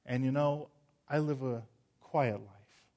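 A middle-aged man preaching, an earnest pastor who prays and then tells stories with animated swells. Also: mid-range voice, takes it slowly. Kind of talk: sermon with prayer.

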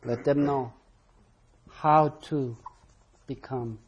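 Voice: medium pitch, steady tone, drawn-out words, muffled recording, a little hiss or hum. A Bible study teacher leading an interactive class, calling on members to read verses aloud and stressing key words with emphatic repetition.

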